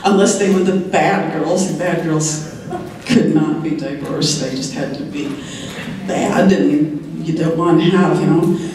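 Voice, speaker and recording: A woman in her sixties tells stories on a convention panel as a TV writer, chatting and laughing often, her voice a little hoarse. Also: deep voice, steady tone, a little slow, darkish tone, slight background noise. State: slightly hoarse, clearing her throat. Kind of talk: anecdotal convention talk. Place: large convention hall. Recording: very echoey hall, voice heard from far off.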